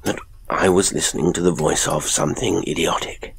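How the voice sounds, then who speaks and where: A man's voice: low-pitched, fairly even intonation, brisk, vocal fry, breathy edge, heavily acted. A man voicing a grave, uneasy priest in a horror audiobook reading, with subdued, hesitant replies.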